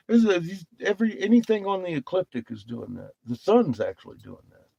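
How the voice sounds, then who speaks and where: A man's voice: high voice, lively intonation, moderate pace, vocal fry, dark tone, husky, dry recording, muffled recording. A man chatting casually as a guest, joking and cursing, often breaking into laughter. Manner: laughs often, profane banter. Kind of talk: casual late-night chat.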